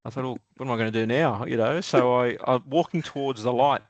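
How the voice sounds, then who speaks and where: A man's voice: mid-range voice, quick pace, dry recording, muffled recording. Chuckling Australian man telling yarns. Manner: rambling, chuckling, many ums and restarts. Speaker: podcast guest. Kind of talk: casual storytelling interview.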